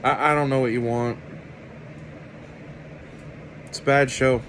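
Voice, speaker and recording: A man delivering an opinionated commentary rant to his viewers, sarcastic and deliberate. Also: medium pitch, steady tone, background noise. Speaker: video commentator.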